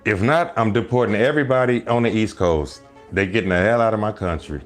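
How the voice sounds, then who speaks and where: A man hosting a casual live stream, rambling loudly through jokes and teasing his viewers, often breaking into laughter. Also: lowish voice, fairly quick, soft background music. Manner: loud joking rambles, bursts of laughter, mock voices.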